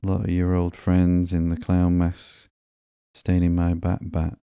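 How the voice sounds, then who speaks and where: A man voicing an angry, defensive teenage boy vigilante in a slow, sleepy comic reading, barely changing his own deep voice. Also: completely flat delivery, warm tone, smooth, no room sound.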